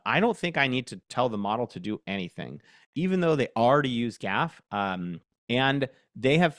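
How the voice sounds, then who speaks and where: A man presenting a casual live workshop demo. He thinks aloud, gets excitable and laughs often. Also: medium pitch, no room sound, clean studio sound.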